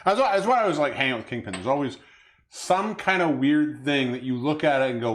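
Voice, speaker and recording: Male co-host, playful joker, bouncy animated pitch. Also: fast talker. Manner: playful, joking, laughs often. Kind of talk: casual chat.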